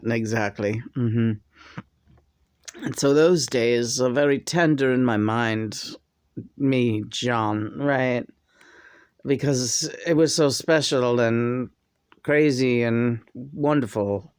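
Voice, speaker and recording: Woman vlog host, slow rambling storyteller, dry close sound. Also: sits low, smooth, dry recording. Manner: rambling, animated when quoting, frequent laughs. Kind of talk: candid personal storytelling.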